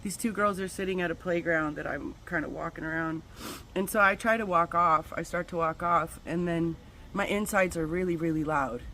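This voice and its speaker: A woman's voice: lowish voice, moderate pace, pushed and bright, slight background noise, poor audio. A middle-aged woman vlogging, telling a personal story candidly, with casual swearing and spiritual talk. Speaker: wellness vlogger.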